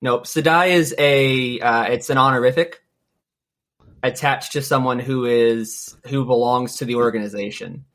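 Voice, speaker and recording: A man's voice: mid-range voice, measured pace, a bit bright. A man hosting a casual book-discussion podcast, patiently explaining terms and backstory. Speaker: podcast host. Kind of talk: casual book-club chat.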